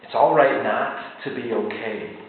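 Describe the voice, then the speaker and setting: A man preaching a sermon as pastor, in a gentle, repetitive cadence that grows quiet in prayer. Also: medium pitch, measured pace, a little hiss or hum. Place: church sanctuary. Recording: echoey sanctuary on a tinny line.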